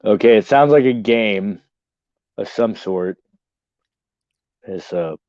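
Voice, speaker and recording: American dude guesting on a podcast, low voice, easygoing and sweary, kinda dull lo-fi dry sound. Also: male voice, slow pace, a little mellow, no room sound. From United States. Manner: easygoing, chuckling, profane. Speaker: guest, professional wrestler. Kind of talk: casual podcast interview.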